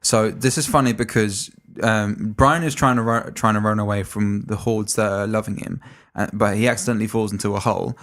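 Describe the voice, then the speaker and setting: A man's voice: on the low side, steady tone, brisk, a bit bright. A man co-hosting a casual movie podcast, explaining scenes in a rambling, chatty way. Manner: rambling, explains jokes at length with acted quotes. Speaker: podcast co-host. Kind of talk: casual chat.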